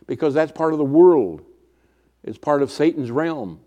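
An older man preaching a conversational sermon, telling personal stories with repetition and letting phrase ends drop quietly. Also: fairly high pitch, animated, a little slow.

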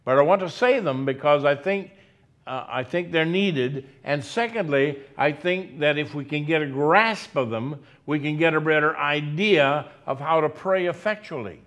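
A man preaching a sermon, speaking slowly and deliberately and repeating key phrases for emphasis. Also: on the high side, a bit bright.

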